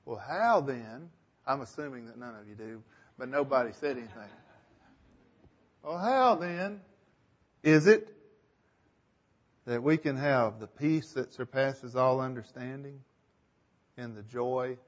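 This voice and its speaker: A man's voice: mid-range voice, normal speed, pauses often, dull audio. A man leading a group Bible discussion, thinking aloud and asking the group questions. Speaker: Bible study leader.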